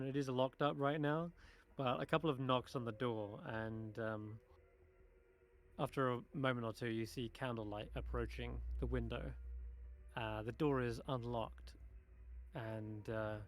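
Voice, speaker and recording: Acting as game master, a man with a steady, mid-range voice narrates a tabletop game, halting often with ums and restarts.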